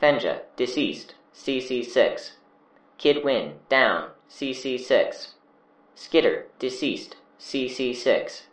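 A man voicing a computerized armband that gives clipped, monotone status readouts. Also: mid-range voice, slow pace, reverberant. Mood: flat.

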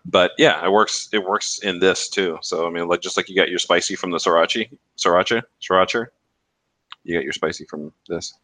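A man co-hosting a podcast, chatting in a relaxed, rambling way with hesitations. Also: sits low, brisk, no echo. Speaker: podcast co-host. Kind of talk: casual chat.

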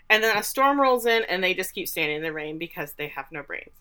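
A woman's voice: fairly low pitch, lively intonation, fast, few pauses, bright, forceful tone. A woman co-hosting a podcast, casually recapping a TV episode with sarcastic, incredulous asides. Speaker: podcast co-host.

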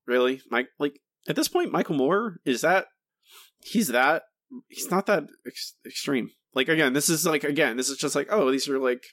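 A man's voice: on the high side, normal speed, fairly bright tone, dry recording, studio quality. A man co-hosting a podcast, ranting in exasperated casual chat with many restarts and asides. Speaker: podcast co-host.

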